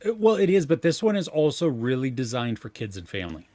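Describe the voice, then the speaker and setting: A man co-hosting a movie podcast in casual chat, jokey and animated, playing up mock threats. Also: medium pitch, quick pace, dry recording. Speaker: podcast co-host.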